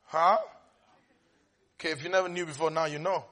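A man preaching a sermon with lots of energy, dropping into soft asides, then rising to shouts, and laughing often as he speaks. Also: high voice, normal speed, long pauses. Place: church service.

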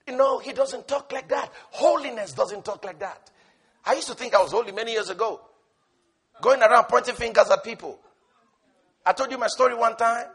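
A man preaching a sermon with passion, swinging from shouted lines to hushed asides. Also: very high voice, slightly rough.

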